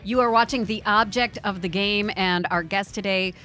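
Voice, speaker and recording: A woman's voice: mid-range voice, moderate pace, music in the background. Upbeat female talk show co-host. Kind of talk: talk show hosting, leading into a break.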